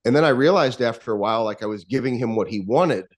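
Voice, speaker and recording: A man's voice: mid-range voice, quick pace. A man being interviewed as a guest, telling a personal story in an earnest, reflective way.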